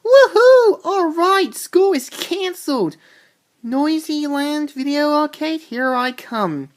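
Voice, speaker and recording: A woman voicing a mischievous cartoon schoolboy in an excited, brash way. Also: medium pitch, normal speed, pitched above the performer's own voice, lightly acted. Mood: gleeful.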